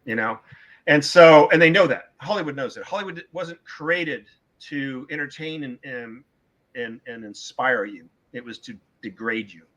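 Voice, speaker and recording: Emphatic middle-aged man, bright tone. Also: medium pitch, unhurried, poor audio. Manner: emphatic, opinionated, repeats words for stress. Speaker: author being interviewed. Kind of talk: casual podcast interview talk.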